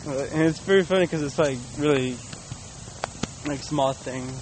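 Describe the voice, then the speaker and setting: A man's voice: on the high side, moderate pace. A young man chatting casually with a friend outdoors, rambling and swearing now and then. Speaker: friend of the host. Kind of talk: casual chat. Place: outdoors on a city street at night. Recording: outdoor street noise.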